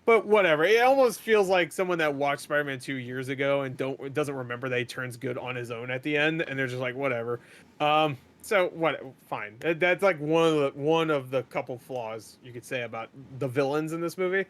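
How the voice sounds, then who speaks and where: A young man hosting a podcast, rambling and swearing as he recaps a movie and acts out the characters in quick paraphrase. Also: a little high, fairly bright tone. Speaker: podcast host.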